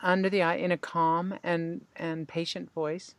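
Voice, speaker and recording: In a dry recording, a lowish-voiced woman speaks a little slowly as she hosts her podcast. As a tapping practitioner, she calmly walks her guest through tapping points and phrases to say back.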